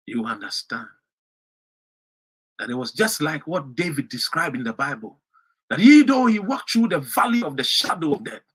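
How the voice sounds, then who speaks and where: A man with a Ghanaian English accent delivers a fiery political speech. His voice is bright and edgy with a husky grain, and it leaps up and down as he swings from loud outbursts to low, pointed emphasis. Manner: fiery, rising to shouts and dropping to low emphasis. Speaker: political commentator.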